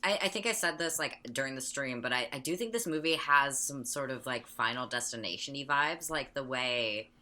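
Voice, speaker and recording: A woman co-hosting a casual podcast, chiming in with agreeable, animated comments. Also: rumbling low, moderate pace, few pauses. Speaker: podcast co-host. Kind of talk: casual chat.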